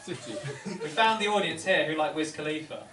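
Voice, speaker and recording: A man's voice: a little high, normal speed, a crowd in the background. A man doing a wry, rambling stand-up set in a comedy venue. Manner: wry, rambling, self-interrupting. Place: comedy venue, live audience. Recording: roomy, distant, noisy live room.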